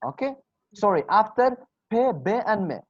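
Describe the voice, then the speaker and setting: With a Kurdish accent, a man teaches English pronunciation in an online class, patiently repeating example phrases. His voice sits high and sing-song at a normal speed, with no room sound. It comes through a video call and sounds dull and dry.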